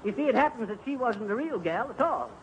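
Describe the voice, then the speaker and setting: A boastful rambling yarn-spinner, 1930s radio comedy, high voice, noisy old broadcast. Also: male voice, lively intonation, fast, highs cut off. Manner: folksy, bragging, rambling. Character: boastful tall-tale-telling middle-aged man. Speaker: comic storyteller.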